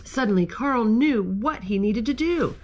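Lively, slow-reading children's librarian woman. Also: on the high side, background noise. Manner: gentle, expressive storybook reading to children. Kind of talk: storytime read-aloud.

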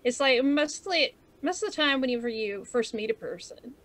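A woman's voice: on the high side, lively intonation, normal speed, fairly bright tone. A woman co-hosting a casual podcast chat, candid and self-mocking, laughing often as she talks. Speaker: podcast co-host.

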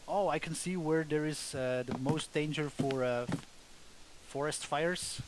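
A man talks through his gameplay in a loose, chatty way, with a slightly higher voice than most men. Wry asides break up his running commentary. A clear hiss of noise sits under the whole recording. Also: unhurried. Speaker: gamer, let's play host.

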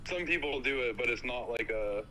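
A jokey man from Canada chatting with friends over a noisy voice line during a racing game. His voice sits at a mid pitch, and clear hiss runs behind it. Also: animated, brisk. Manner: jokey, breaks into song. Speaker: friend on a gaming stream. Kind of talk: casual gaming chat.

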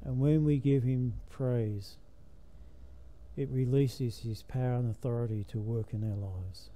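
A man's voice: medium pitch, fairly even intonation, a little slow, dark tone. An older man preaching a sermon in a church, emphatic, his voice rising and falling with the message.

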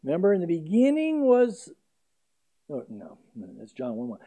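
A man preaching in a fairly high, mellow voice. He talks emphatically, drawing out the scripture verses slowly for weight. A pastor teaching verse by verse. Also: wildly swooping pitch. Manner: emphatic, slows down to stress scripture readings. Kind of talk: expository sermon.

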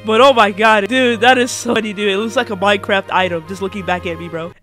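A young man commentating his own gameplay in casual slang, stammering and repeating himself, bursting into shouts and laughs at big wins. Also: high-pitched, steady tone, quick pace, faint music behind. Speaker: gaming YouTuber.

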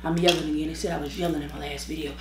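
Her voice sits low and she speaks very fast: a worn-out mukbang vlogger casually chatting while eating on camera. Slangy stories pour out with frequent laughter, broken up by eating and sipping between sentences. Slight background noise; her own microphone; an echoey room.

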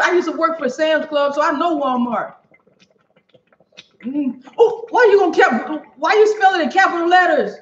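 Woman cooking and chatting to her viewers, loud and excitable, roomy echo, kinda dull lo-fi sound. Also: sits high, a little hiss or hum. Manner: chatty and exclamatory, speaks directly to viewers. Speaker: cooking livestream host. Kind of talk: casual chat while cooking and reading viewer comments. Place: home kitchen. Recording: echoey room, dull lo-fi sound.

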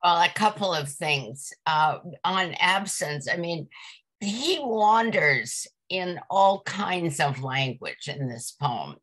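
A woman in a poetry group talks through a poem's rhythm slowly and analytically. Her voice is very low yet bright, with a husky edge. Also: expressive. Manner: thoughtful, analytical. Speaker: discussion group participant. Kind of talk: casual literary discussion.

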